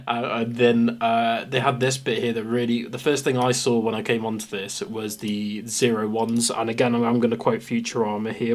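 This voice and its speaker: Young man, English Midlands accent, rambling live-stream chat, self-mocking, mid pitch. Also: level tone, normal speed, few pauses. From England. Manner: rambling, self-mocking, jumps between topics.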